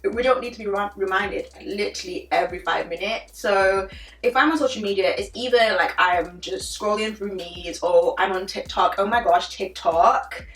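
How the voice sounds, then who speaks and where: A woman's voice: mid-range voice, normal speed. Chatty woman vlogging in a roomy space. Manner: chatty and animated, frequent "like" fillers. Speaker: beauty vlogger. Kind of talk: casual chit-chat vlog. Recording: roomy sound, a little distant from the mic, faint music behind.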